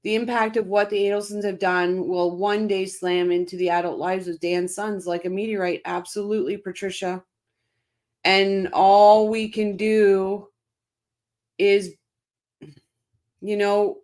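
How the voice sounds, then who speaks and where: A woman's voice: mid-range voice, fairly even intonation, moderate pace, a little mellow. A woman hosting a casual live-stream, reading out viewer comments by name and answering them with emphatic, impassioned commentary, often repeating her phrases.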